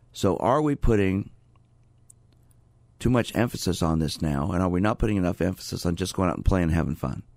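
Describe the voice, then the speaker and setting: A man hosting a radio call-in show as a sports psychologist, talking in a steady, conversational way and inviting callers from a studio. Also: deep voice, gravelly, no echo.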